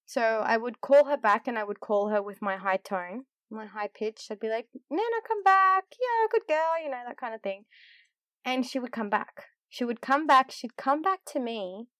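A woman's voice: a little high, no room sound, clean studio sound. A middle-aged woman who leads in church, talking candidly and a little self-deprecatingly, rambling with fillers as she reflects. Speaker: church leader. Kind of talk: casual reflective talk.

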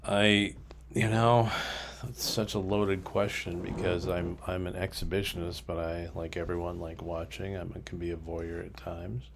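Deep-voiced, boastful man telling stories. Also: little pitch movement, normal speed, creaky, a little hiss or hum, rough recording. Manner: boastful, crude, heavy swearing. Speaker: podcast host. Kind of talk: casual storytelling monologue.

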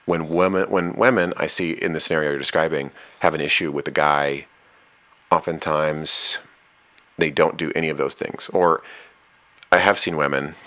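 The casual relationship advice comes from a man with an extremely low voice that carries a bright, forceful edge. He's frank and blunt, never cushioning his point, and he sounds like a straight-talking host sharing opinions he earned the hard way.

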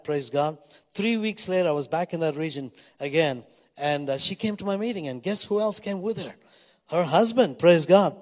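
A middle-aged man preaching in a church with a voice set slightly high. He tells stories and keeps breaking in with hallelujah and praise God. His words ring out with long reverb in a large hall. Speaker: pastor. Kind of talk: sermon.

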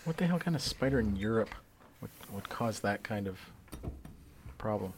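A man's voice: on the low side, expressive, moderate pace. Man, podcast co-host, joking asides, slight background hiss. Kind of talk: casual podcast banter.

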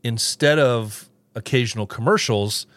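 A man's voice: mid-range voice, unhurried, fairly bright tone, dry recording. A man hosting a casual solo podcast, rambling with restarts and little chuckles as he reads live comments. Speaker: podcast host.

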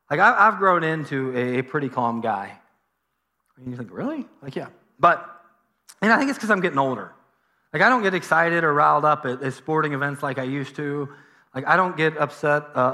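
Bright-voiced man preaching. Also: a little high. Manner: conversational, with frequent "like" and restarts. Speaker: pastor. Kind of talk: sermon.

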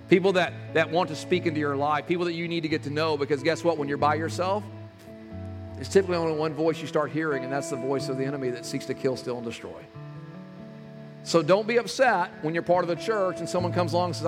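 A male pastor, preaching a sermon conversationally and swinging between loud, animated stretches and hushed ones. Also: on the high side, quick pace. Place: church sanctuary. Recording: long hall reverb with music behind.

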